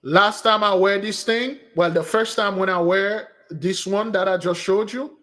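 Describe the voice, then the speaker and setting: Man, high-pitched, casual spiritual talk host, rambling storyteller, animated, answers viewer questions. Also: unhurried. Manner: rambling and animated, restarts mid-sentence; jumps to a higher voice when quoting women.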